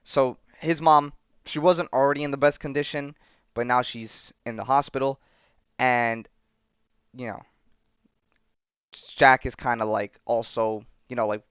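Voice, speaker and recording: A man hosting a podcast, recapping a comic book in a loose, rambling way full of fillers and tag questions. His voice is clear and mid-pitched. The recording is dry and slightly dull. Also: fairly even intonation, unhurried, long pauses, a bit bright, dry recording. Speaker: podcast host.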